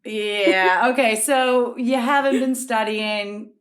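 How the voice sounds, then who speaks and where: A woman's voice: on the high side, fairly even intonation, slow. A woman hosting a comedy podcast game in a playful, teasing way. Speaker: quiz host.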